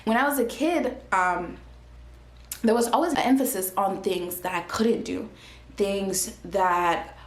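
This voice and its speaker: A young woman shares a personal faith testimony in a casual, animated way, often restarting her sentences. Her voice sits at a middle pitch. The room around her adds a noticeable echo. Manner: earnest and animated, with frequent fillers and restarts. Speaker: vlogger sharing a faith testimony. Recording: roomy echo.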